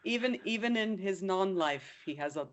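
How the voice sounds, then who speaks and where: A woman's voice: mid-range voice, expressive, moderate pace. A woman hosting a casual chat, playful and teasing with her guest. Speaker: host. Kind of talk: casual conversation.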